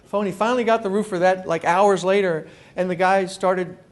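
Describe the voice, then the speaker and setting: A man's voice: high voice, fairly even intonation, moderate pace. A man giving a talk to a live audience, telling a personal story with lots of energy, acting out the people in it and stumbling over repeated words as he starts sentences. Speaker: consumer columnist giving a talk. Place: meeting room before a live audience.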